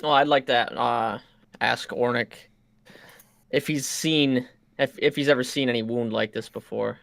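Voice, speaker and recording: A man playing a tabletop game, describing his character's actions in a slow, halting way. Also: medium pitch, steady tone, vocal fry, fairly bright tone, dry recording. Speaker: player. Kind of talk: tabletop role-play, in-character narration.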